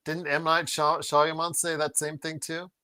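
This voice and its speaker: Bright-voiced man hosting a sports podcast. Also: a little high, flat delivery, moderate pace. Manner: easygoing, laughing, wraps up the show. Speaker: podcast host. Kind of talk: casual sports podcast chat.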